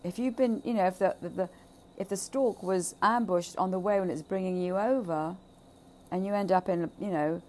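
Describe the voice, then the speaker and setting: A woman giving an impassioned, emphatic monologue, swearing freely, repeating phrases and swinging between loud bursts and hushed asides. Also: mid-range voice, normal speed, slight background noise. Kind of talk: impassioned monologue on childhood trauma.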